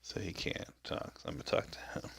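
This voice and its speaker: A man's voice: a little fast, no echo. A man giving casual gameplay commentary, rambling and exclaiming as he talks to himself. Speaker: show host.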